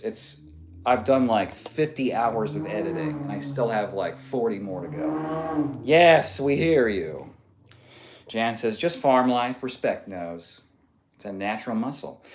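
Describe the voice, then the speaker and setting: Playful man streamer with a lively pitch. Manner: playful, laughs often, reads comments aloud. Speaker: streamer reading chat. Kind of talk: casual live-stream chat.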